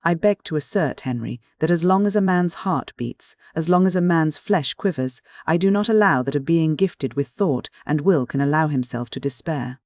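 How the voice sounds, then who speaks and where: A man voicing an older male professor in an audiobook, calm, measured and persuasive. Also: on the high side, no room sound, studio quality, close to an everyday voice. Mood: resolute. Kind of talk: audiobook character reading.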